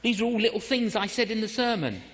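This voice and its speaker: Male preacher telling a story from the pulpit, animated and expressive, recorded in a reverberant hall. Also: high-pitched, fast. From England. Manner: animated, acts out voices and inner prayers. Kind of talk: storytelling sermon.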